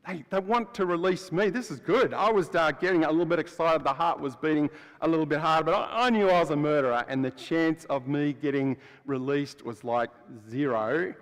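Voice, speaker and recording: A man preaching as the freed prisoner Barabbas, telling his story in the first person with a chatty, storytelling manner that swings between loud and hushed. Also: on the high side, brisk, natural voice. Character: adult male prisoner Barabbas, rough and blunt. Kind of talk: first-person dramatic monologue in a sermon. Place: church. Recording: long church hall reverb.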